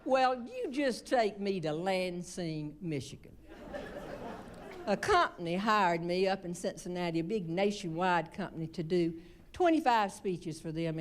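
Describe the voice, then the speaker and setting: A woman with a Southern American accent doing stand-up, telling a folksy, chatty story and teasing the audience. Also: on the low side. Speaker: humorist.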